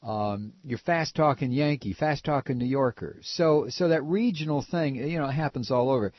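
An older man from Ohio with a nasal voice, talking casually and halting with many repeated restarts. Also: mid-range voice, no echo. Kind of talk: casual opinion talk. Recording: dull lo-fi recording.

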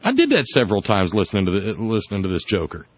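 A man's voice: fairly low pitch, wildly swooping pitch, fast, no room sound. A man hosting a casual political chat show, sardonic and rambling, with many restarts. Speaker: podcast host. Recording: dull lo-fi dry audio.

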